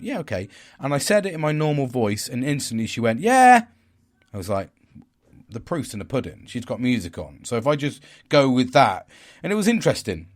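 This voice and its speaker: A middle-aged man talking through a casual, reflective monologue as a podcast host, rambling with frequent restarts and fillers. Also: mid-range voice.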